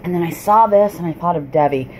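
A woman's voice: on the low side, darkish tone, slight background noise. A woman, chatting through a shopping haul vlog at home, rambling and apologizing as she goes. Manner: chatty, rambling, apologetic, frequent pauses and restarts. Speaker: vlogger. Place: cluttered home.

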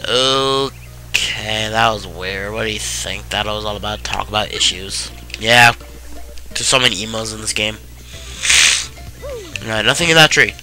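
A tired young man giving casual, sarcastic commentary while playing a video game, swearing freely in a deadpan way. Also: fairly low pitch, a little slow, pauses often. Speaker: let's play commentator. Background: game music.

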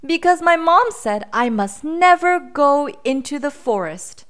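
A woman voicing a small lost boy who talks in a high, anxious way in a storybook reading. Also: animated, unhurried, fairly bright tone. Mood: worried.

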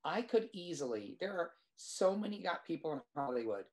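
A man, a screenwriter guest, telling a lively anecdote in casual chat, with restarts and quoted dialogue. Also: on the high side, normal speed. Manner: animated anecdote teller, restarts.

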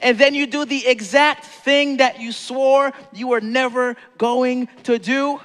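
A man's voice: extremely high pitch, fairly even intonation, unhurried, a bit bright, long reverb tail. A man preaching a sermon as pastor, telling a story playfully and acting out the quotes.

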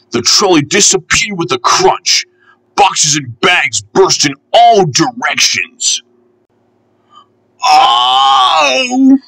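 Man for children's storybook reading, slow and lively, bright breathy tone. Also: a little high, rough recording. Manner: gentle, unhurried and expressive.

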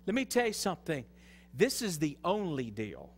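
A man with a Southern US accent preaching an excitable, shouting sermon as pastor in a church. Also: a little high, normal speed, breathy edge, long reverb tail. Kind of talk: fiery sermon. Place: church sanctuary.

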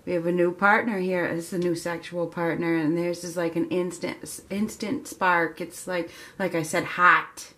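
A woman giving a casual tarot reading, chatty and excitable, laughing often and filling pauses with ums. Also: fairly low pitch. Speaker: tarot reader.

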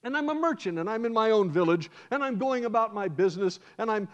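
An American man, a guest preacher, telling a sermon as a lively first-person story. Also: sits high, fast talker. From United States. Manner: animated, acts out scenes in first person. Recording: dull lo-fi sound.

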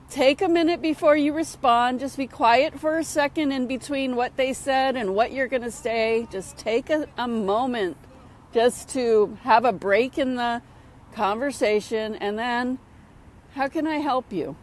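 A woman's voice: high-pitched, slow pace. A middle-aged woman, a spiritual mentor, talking casually and upbeat outdoors at sunset, repeating phrases for emphasis. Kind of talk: casual motivational talk to camera.

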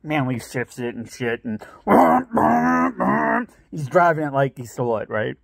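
A middle-aged man from the Midwest spins casual stories for his vlog with a gravelly, creaky edge, laughing a lot and jumping up in pitch to act out what others said. The sound is dry and close, with no room around it. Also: big pitch swings, slow pace, no echo. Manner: laughs often, acts out quotes in raised voice. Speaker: vlogger telling stories. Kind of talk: casual storytelling.

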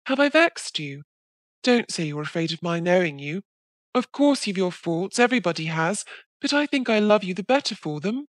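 A woman voicing a gentle, devoted young woman in an audiobook, speaking timidly and pleadingly in a raised voice. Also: on the low side, big pitch swings, moderate pace, no echo, clean studio sound. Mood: pleading tender.

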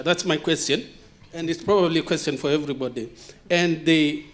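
A man with a first language other than English gives an impassioned conference talk, full of repeated rhetorical questions and dramatic pauses. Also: a little high. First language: not English. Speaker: conference speaker. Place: conference hall.

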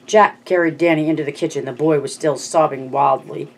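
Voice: mid-range voice, steady tone, a little fast, poor audio. A narrator reading a novel aloud as an amateur audiobook, with frequent slips and restarts.

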